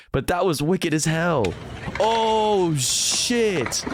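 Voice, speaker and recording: Lively, excitable man streamer. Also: high-pitched, extremely slow, slight background noise. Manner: swears freely, laughs often, loose and excitable. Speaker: streamer reacting to clips. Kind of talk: casual chat.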